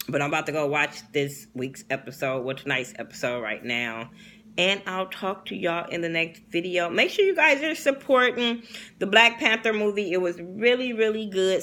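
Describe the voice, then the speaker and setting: A woman's voice: low voice, a bit bright, slight background noise. A young woman gives a blunt, profane, opinionated casual recap of a reality show episode.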